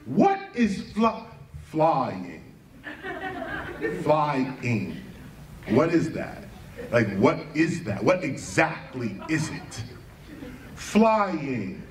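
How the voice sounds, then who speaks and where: A man's voice: on the high side, huge pitch swings, extremely slow, pauses often. A man giving a rhetorical lecture, firing questions at the listener and spelling words out letter by letter. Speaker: speaker giving a talk. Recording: echoey room, far from mic, faint ambient noise.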